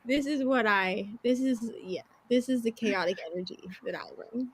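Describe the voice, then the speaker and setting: A woman's voice: a little high, moderate pace, husky. A woman in her thirties chatting casually on a live reading stream. She tells stories with lots of "like" and acts out quoted lines. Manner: animated storyteller, acts out quotes, laughs easily. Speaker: livestream co-host.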